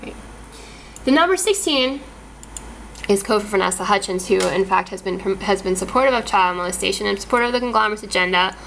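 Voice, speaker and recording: Woman ranting to her camera, sharp bright voice, keeps restarting words, faint hiss behind. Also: medium pitch, expressive, quick pace, low-quality recording. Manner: agitated, repeats and restarts words often. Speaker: vlogger. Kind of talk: casual monologue to camera.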